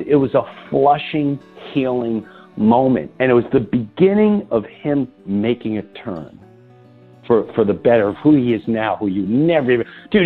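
A man with a slightly raised, husky voice tells a story to a friend, acting out every exchange. His pitch rises and swoops widely. The sound is thin and tinny, like a phone line. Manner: excited, breathless retelling with quoted dialogue. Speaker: podcast host. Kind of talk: animated storytelling.

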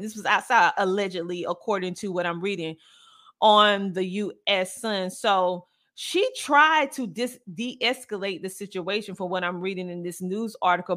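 A woman hosting a podcast with casual commentary, talking loud and animated and answering viewer comments. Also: medium pitch. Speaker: podcast host.

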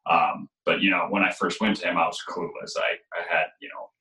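A man with a very low voice talks in a loose, rambling way, full of "like" and "you know". His tone is bright and forceful despite the depth. The sound bounces around a roomy space. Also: brisk. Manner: relaxed storytelling with many fillers. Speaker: goalie coach. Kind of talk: casual conversation. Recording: echoey room.

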